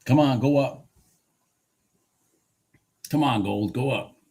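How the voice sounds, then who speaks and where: A man's voice: mid-range voice, slow, vocal fry, warm tone. Frustrated man trading live on stream. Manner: frustrated, swearing, talking to himself and chat; laughs at himself, repeats phrases. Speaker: livestream futures trader.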